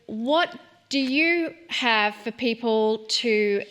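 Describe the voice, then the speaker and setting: A woman's voice: fairly high pitch, expressive, extremely slow, fairly bright tone. A woman hosting an interview, affirming her guest and asking open questions. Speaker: interview host. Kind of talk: interview conversation.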